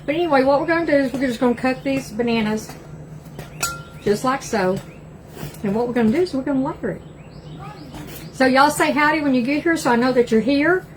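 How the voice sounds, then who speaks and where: Older east texas lady cooking live in her kitchen, chatty and folksy, lotta y'all, clear background noise. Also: sits high, fairly quick, pauses often, rough recording. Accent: East Texas Southern. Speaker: cooking livestream host. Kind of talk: casual live cooking chat. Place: home kitchen.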